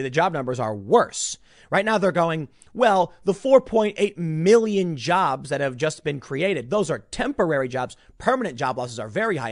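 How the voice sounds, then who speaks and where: A man's voice: a little high, no echo, clean studio sound. A man ranting as a political commentator, exasperated and sarcastic in a solo talk.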